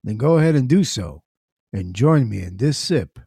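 Mellow-voiced male talk show host. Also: mid-range voice, moderate pace, vocal fry, breathy edge, dry recording, studio quality. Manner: relaxed, chatty, conversational. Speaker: podcast host. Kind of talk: casual talk show chat.

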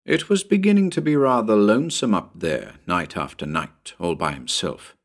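A man narrating a pulp story in a dramatic, expressive audiobook reading. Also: fairly low pitch, moderate pace. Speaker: narrator and channel host.

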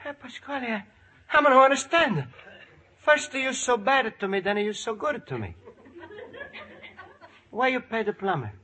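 A man's voice: very high voice, very animated, normal speed, pauses often, sharp tone, breathy edge, full character voice. An actor playing a kind, naive Italian immigrant man with an Italian accent and broken English, in a 1940s radio sitcom. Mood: earnest. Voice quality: broken English, earnest and pleading. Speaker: lead character.

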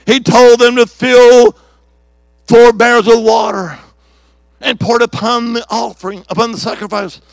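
A man preaching a revival sermon as an evangelist in a church service, with rhythmic repeated declarations and shouted calls for the congregation to answer. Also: very high voice, little pitch movement, moderate pace, creaky, no room sound. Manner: fiery preaching with shouts and call-and-response.

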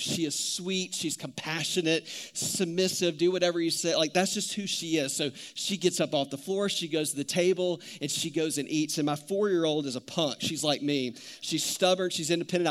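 A man in his thirties preaching a sermon, telling stories in an animated, conversational way. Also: fairly high pitch. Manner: animated storytelling, conversational with many "like"s. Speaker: pastor.

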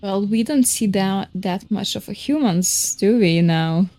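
A woman's voice: mid-range voice, measured pace, warm tone. A woman playing a tabletop game, teasing the others in a playful way. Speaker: player. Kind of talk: casual tabletop play.

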